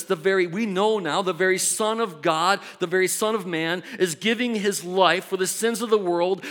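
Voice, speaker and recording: A man preaching a sermon in an animated way, shifting from loud bursts to quiet asides. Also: high-pitched. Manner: animated, acts out voices, swings from loud to soft. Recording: long hall reverb.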